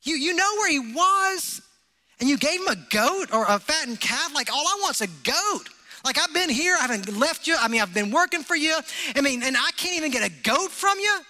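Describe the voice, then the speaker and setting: A resentful grown older brother, as a preacher acts him out, whining his complaints in a very high, forceful voice. The words carry a long hall reverb. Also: sing-song, moderate pace, full character voice. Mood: indignant. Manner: whiny, complaining, pleading questions.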